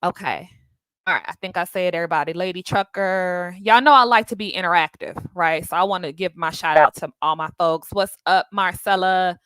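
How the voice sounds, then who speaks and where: A woman hosting a casual live stream, greeting viewers by name and chatting in an animated way, often laughing. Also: lowish voice, fairly quick, clear, resonant tone, no room sound.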